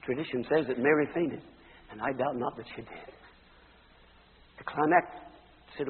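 A man preaching a dramatic sermon, surging to loud emphatic peaks and dropping to hushed tones. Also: mid-range voice, fairly even intonation, moderate pace, pauses often, breathy edge, long reverb tail, phone-quality sound.

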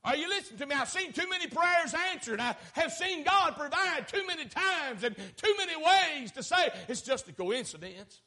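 A man preaching a fervent sermon, swinging from shouted lines down to low, quiet ones. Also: big pitch swings, moderate pace, few pauses.

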